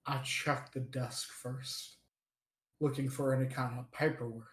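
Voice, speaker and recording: A man's voice: mid-range voice, fairly even intonation, measured pace, a bit bright. A man playing a tabletop game, playful and jokey as he declares his character's actions. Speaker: player. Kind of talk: casual tabletop game play over voice chat.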